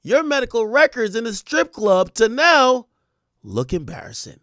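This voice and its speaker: A man's voice: very high-pitched, wildly swooping pitch, moderate pace, a bit bright, dry recording, studio quality, pitched above the performer's own voice, full character voice. A man reading posts aloud in a mocking impression of a boastful female rap star. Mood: haughty.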